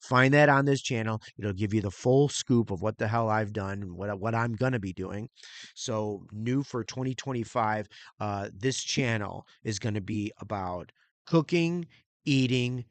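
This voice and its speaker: Speaking at a measured pace in a lowish voice with no echo, a middle-aged channel host who reviews music and movies chats casually on his own. His talk about music and his plans is rambling and crude, and he beatboxes beats with his mouth.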